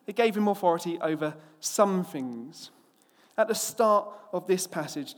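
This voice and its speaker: A man preaching a sermon from England, opening with a lively anecdote in which he acts out the characters before turning to scripture. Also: on the high side, big-room sound.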